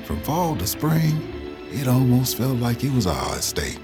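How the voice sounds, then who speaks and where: A man's voice: mid-range voice, sing-song, measured pace, music in the background. A man with a Southern US accent playing a freed father who narrates his family's story in a reflective audio drama voice.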